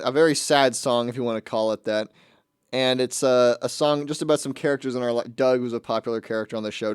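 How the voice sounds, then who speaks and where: A male radio host with a smooth, resonant voice, recorded dry and close with no room around him. He chats casually between songs in a rambling, amused way, and he often stops to restart or correct his sentences. His pitch sits in an ordinary middle range for a man. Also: a little mellow, dry recording.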